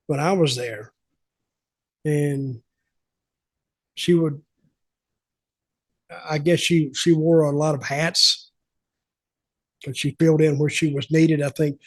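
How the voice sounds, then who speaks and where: An older man hosting a podcast, telling stories in a plainspoken way with wry asides. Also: a little high. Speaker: podcast host, former wrestling insider. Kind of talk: casual storytelling interview.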